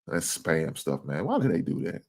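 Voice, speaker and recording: A man hosting a casual livestream, talking with viewers and reading their comments, swinging from low mumbles to loud, cursing, exasperated rants. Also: huge pitch swings, normal speed, vocal fry. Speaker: livestream sports show host.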